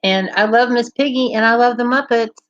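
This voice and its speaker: A livestream host chats cheerfully and casually with her viewers, bubbly and laughing often as she responds to live comments. Her voice is fairly high and brisk. There's no echo, though the recording is muffled.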